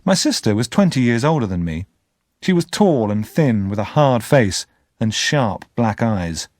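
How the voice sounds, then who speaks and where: A man's voice: mid-range voice, a little slow, dry recording, studio quality. A man narrating an audiobook expressively. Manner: expressive, lively. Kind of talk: scripted narration.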